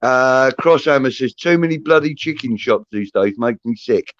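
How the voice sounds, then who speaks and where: A laid-back man chats and reads out viewer comments, swearing freely. His voice sits mid-pitch and sounds dry and close. The sound is a little dull. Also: lively intonation, normal speed, dry recording. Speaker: podcast host reading chat. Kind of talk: casual chat.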